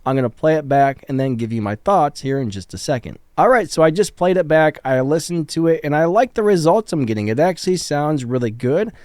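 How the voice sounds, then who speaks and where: Man, casual upbeat gear reviewer, slightly high voice, dry close studio mic. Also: lively intonation, brisk, hardly any pauses, darkish tone, dry recording. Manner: casual, upbeat, plain-spoken. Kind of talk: product review talk. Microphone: studio condenser and dynamic mics.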